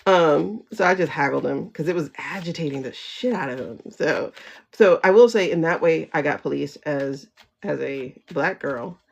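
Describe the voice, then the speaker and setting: A woman's voice: low voice, moderate pace, creaky, slightly rough. A woman hosting a casual livestream chat, talking frankly and animatedly, with profanity and frequent laughter, reading viewer comments aloud and answering them. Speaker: livestream host. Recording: dull lo-fi livestream audio.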